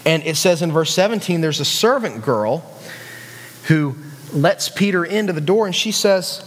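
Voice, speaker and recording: A man's voice: fairly high pitch, lively intonation, normal speed, husky, in a large hall. A man with a West Virginian accent preaching a sermon in a chatty, conversational way, full of restarts and asides to the audience. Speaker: youth pastor.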